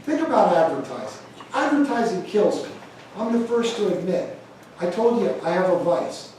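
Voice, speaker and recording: High-voiced man preaching in an echoey hall. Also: normal speed, slight background noise. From United States. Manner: conversational, storytelling, animated when telling anecdotes. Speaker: speaker at a stewardship talk. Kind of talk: sermon-style talk with personal stories. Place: large church hall. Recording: echoey church hall from far off.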